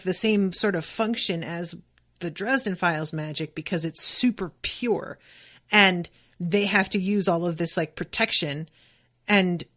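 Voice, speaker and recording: Young woman podcaster, slow delivery, reads a book aloud and reacts with casual swearing. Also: on the low side. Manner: casual, swears freely, breaks into excited reactions. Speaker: podcast host. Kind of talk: reading a novel aloud and reacting.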